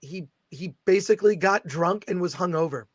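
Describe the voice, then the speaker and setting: A middle-aged man hosting a casual livestream chat, excitably reading viewer comments aloud. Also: sits high, moderate pace, no echo. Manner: excitable, reads viewer super chats aloud. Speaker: host.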